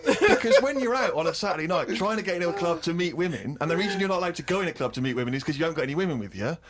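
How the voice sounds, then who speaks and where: A man's voice: fairly high pitch, lively intonation, racing. A man telling a self-mocking comic story, acting out other people's lines and laughing at himself. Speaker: co-host of a comedy podcast.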